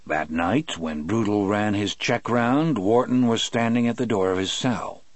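Low-voiced man narrating an audiobook. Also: a little slow, dry recording.

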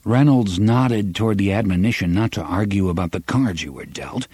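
A man reading a western novel aloud as audiobook narrator, with an expressive, varied delivery on a close studio mic. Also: on the low side, normal speed, few pauses, husky, dry recording. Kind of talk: scripted narration.

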